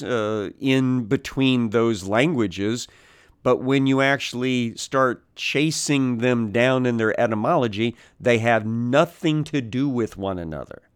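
A man teaches from the Bible at an unhurried pace, pausing often and filling the gaps with "uh" as he works through the origins of old words. His voice is smooth and clear, and it is recorded close and dry with no room echo. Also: medium pitch. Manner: slow and deliberate, many pauses and "uh" fillers; explains word origins, corrects himself mid-sentence.

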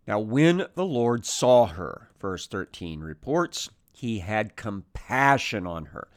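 A man with a fairly low voice teaches Scripture at a very slow, deliberate pace. He pauses often and restarts his phrases as he explains. The sound is close and dry. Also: very animated, no room sound. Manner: measured, thoughtful, with frequent "uh" pauses and restarts. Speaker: Bible teacher. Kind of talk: unhurried Bible teaching.

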